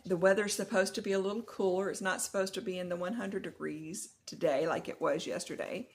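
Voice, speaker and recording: Lower-pitched woman vlogger telling a story. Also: brisk. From Texas. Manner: animated, laughing retelling of a nightmare. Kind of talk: casual vlog storytelling.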